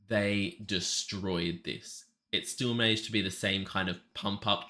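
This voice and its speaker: A man's voice: low-pitched, bright, forceful tone. A man hosting a music reaction video, talking casually and gushing with enthusiasm. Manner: gushing, enthusiastic, chatty with fillers.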